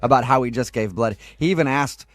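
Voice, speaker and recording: A man's voice: mid-range voice, a little fast, crowd noise. A man hosting a morning radio show, jokey and upbeat. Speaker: radio host.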